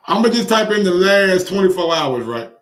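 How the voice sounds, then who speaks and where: A man hosting boxing commentary, reacting in casual, profane, excitable talk and repeating phrases for emphasis. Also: sits high, normal speed, reverberant, far from the mic. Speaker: boxing commentary channel host.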